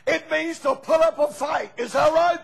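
A man preaching a fervent sermon as pastor, breaking into shouts and calling on the congregation for amens. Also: very high-pitched, moderate pace, vocal fry, poor audio.

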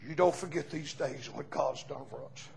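Man, revival preacher, gravelly, high-pitched, folksy, shouting bursts. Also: moderate pace, poor audio. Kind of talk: revival sermon.

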